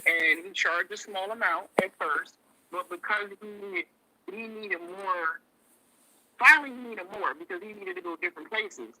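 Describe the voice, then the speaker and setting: A man's voice: high voice, normal speed, bright, forceful tone. A man calling into a show by phone, explaining at length and often agreeing with "right". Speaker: caller. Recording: tinny phone line.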